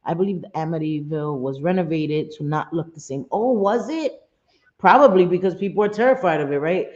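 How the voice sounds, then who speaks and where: Over dull, roomy lo-fi stream audio, a middle-aged woman hosts a casual livestream in a low, darkish voice at a brisk pace. She talks freely, swears, and chuckles as she answers viewers at home, often laughing and reading chat messages aloud.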